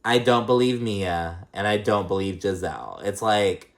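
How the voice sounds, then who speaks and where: A man's voice: lowish voice, lively intonation, unhurried. A man casually recapping a reality show episode, blunt and profane, with lots of fillers and strong opinions.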